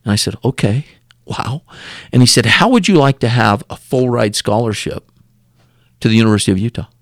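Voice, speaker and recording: A man's voice: medium pitch, lively intonation, fairly quick, no room sound, studio quality. A man, a podcast guest, telling a story and acting out the dialogue in it, often repeating and restarting words.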